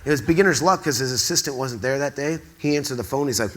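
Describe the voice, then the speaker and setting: A man's voice: mid-range voice, fast talker, hardly any pauses. A man from the Quad Cities telling a rambling story on a theatre stage, acting out the dialogue as he goes. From Quad Cities, US Midwest. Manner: excitable, rambling, acts out quoted dialogue. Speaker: speaker at an awards event. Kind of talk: storytelling to a live audience.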